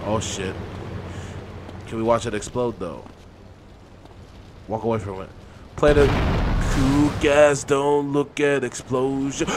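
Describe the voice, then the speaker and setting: A man doing casual let's play commentary, loud, profane and joking. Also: mid-range voice, very noisy. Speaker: gameplay commentator.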